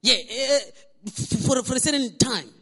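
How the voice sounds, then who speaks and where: Male pastor, storytelling sermon, very high bright voice, echoey church hall. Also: a little slow, husky. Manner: storytelling, animated, repeats words when restarting.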